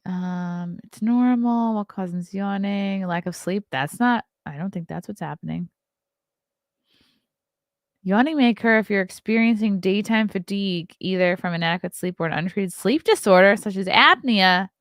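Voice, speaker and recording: A woman's voice: mid-range voice, moderate pace, dry recording, studio quality. A woman in her thirties hosting a casual solo livestream, chatting, reading articles aloud and reacting to them, yawning often. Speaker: host.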